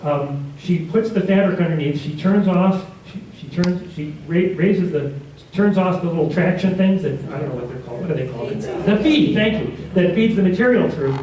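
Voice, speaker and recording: A man's voice: sits high, moderate pace, warm tone, slight background noise. A man teaching a community class, telling stories in a casual, rambling way, often correcting himself mid-sentence. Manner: rambling, self-correcting storyteller with chuckles. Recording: roomy classroom from far off.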